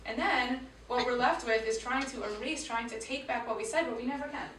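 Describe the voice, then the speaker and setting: A woman in her thirties, a teacher telling a lively personal story to a school audience, acting out voices and dropping to quiet tones. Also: a little high, a little fast, slight background noise. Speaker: teacher speaking to students. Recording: echoey room picked up from far off.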